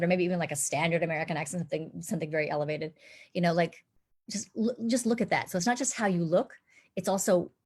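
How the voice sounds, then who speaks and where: A woman's voice: lowish voice, darkish tone. Woman dialect coach giving advice. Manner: earnest, explanatory, advising actors. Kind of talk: live online Q&A chat. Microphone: video call.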